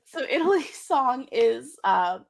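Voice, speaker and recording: A woman from the United States co-hosting a casual chat show, talking quickly with lots of fillers and laughs. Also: high-pitched, sing-song, creaky. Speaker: podcast co-host.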